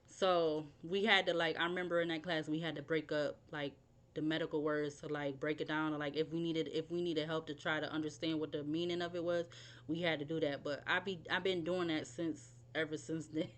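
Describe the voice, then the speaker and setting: Young woman, low voice, tarot reader who wanders off track and spells words out, casual and unscripted. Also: little pitch movement, a little fast, fairly bright tone, a little hiss or hum. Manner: rambling, thinks aloud, spells words out.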